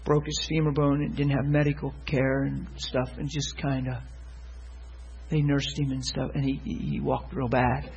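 A man preaching, telling a testimony story in an animated way, acting out the people he quotes and swinging from loud to hushed. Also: mid-range voice, moderate pace, vocal fry, slightly rough, lo-fi sound. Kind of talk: sermon testimony.

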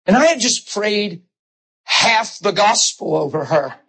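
A husky, slightly high-voiced middle-aged man preaching a heartfelt sermon. He tells personal stories with emotion and slips into animated voices for the people he quotes. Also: unhurried, poor audio.

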